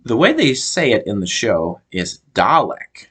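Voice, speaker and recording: A low-voiced American man talks through a show review in a relaxed, unscripted way. He often stalls, repeats himself and hunts for the right word before going on. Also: husky. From United States. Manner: halting, often stops to search for words. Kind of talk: casual review monologue.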